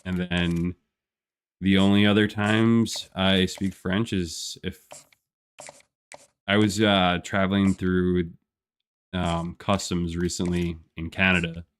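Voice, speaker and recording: Low-pitched with little pitch movement, a young man's clear, resonant voice comes slowly, with frequent pauses. He's streaming gameplay live and chatting in a rambling, laid-back way, full of "like" fillers and frequent laughter.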